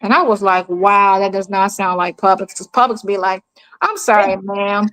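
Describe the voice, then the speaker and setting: A woman's voice: medium pitch, normal speed, rough recording. A middle-aged woman from the United States chatting casually. She tells her stories with energy and acts out each person she quotes. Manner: animated storyteller, acts out quoted people. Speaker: mother telling stories. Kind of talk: casual chat.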